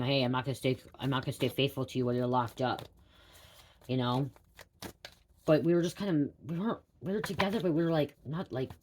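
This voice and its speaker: A woman with a bass, slightly mellow voice tells her viewers a personal story, her recording carrying a faint hiss or hum. She's a psychic reader, and she rambles and repeats herself, swearing casually and often calling out "you guys."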